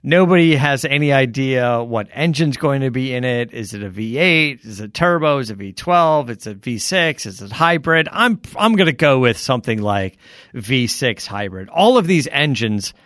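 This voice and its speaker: A man co-hosting a casual podcast, telling stories in a loose, animated way, swearing and laughing often. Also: medium pitch, normal speed, no echo, studio quality. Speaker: podcast co-host. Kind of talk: casual chat.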